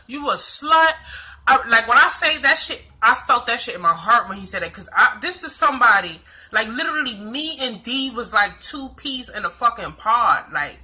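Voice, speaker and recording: A woman's voice: a little high, sharp tone. A young woman from the Bronx with a New York accent, telling a personal story to camera in a blunt, profane, slang-heavy way. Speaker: vlogger.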